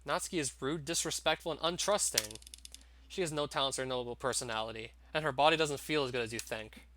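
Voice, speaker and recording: A man's voice: medium pitch, quick pace, bright, forceful tone, a little hiss or hum, natural voice. A man putting on a sneering abusive father. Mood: menacing, taunting. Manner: taunting, mocking.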